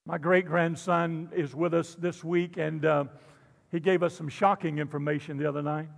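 A man's voice: fairly high pitch, level tone, normal speed, creaky. An older man preaching a sermon as pastor in a church, fervent and drawn out on the big lines, with joking asides. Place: church sanctuary. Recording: long hall reverb.

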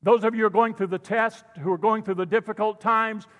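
A man's voice: high voice, fairly even intonation, fairly quick, a bit bright. An older man preaching a sermon as pastor in a church, fervent and drawn out on the big lines, with joking asides. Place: church sanctuary. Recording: long hall reverb.

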